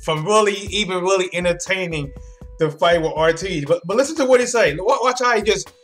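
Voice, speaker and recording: A man reacting live to a sports interview, talking straight to his audience with lots of emphasis. His voice sits fairly high, and faint music runs beneath him. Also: a little fast. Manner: animated, emphatic, talks straight to viewers. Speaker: sports commentary host.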